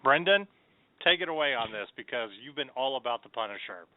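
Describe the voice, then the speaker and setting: A man's voice: medium pitch, lively intonation, brisk. A man hosting a casual nerd talk show, upbeat and chatty, with rambling fillers. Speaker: podcast host. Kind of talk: casual radio show chat. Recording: tinny phone-like sound.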